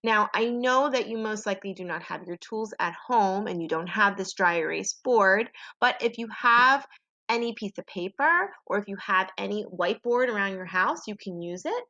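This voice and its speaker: A woman's voice: medium pitch, animated, normal speed, sharp tone. A woman teacher giving a home phonics lesson to young children, in a patient call-and-repeat manner. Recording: dull lo-fi home recording.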